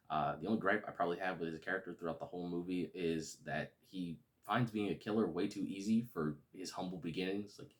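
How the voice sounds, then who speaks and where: A man casually reviewing a movie, relaxed and rambling with lots of fillers. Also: sits low.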